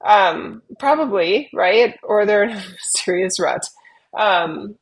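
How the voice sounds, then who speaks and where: A middle-aged woman chatting on a podcast with a gravelly edge and a husky, breathy tone. She talks playfully and laughs often. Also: medium pitch, expressive, slow pace, low-quality recording. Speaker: podcast guest. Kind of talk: casual chat.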